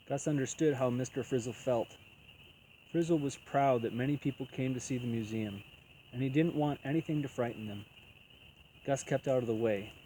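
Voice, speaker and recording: A man reading a children's picture book aloud as storyteller, in an even, unhurried way. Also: mid-range voice, a little hiss or hum, rough recording.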